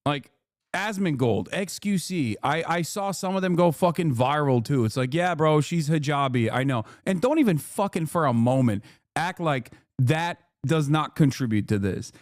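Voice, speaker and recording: A man's voice: on the high side, expressive, moderate pace, dry recording, studio quality. A man streaming a reaction video, ranting in a heated and profane way and firing off indignant rhetorical questions. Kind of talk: casual live-stream commentary.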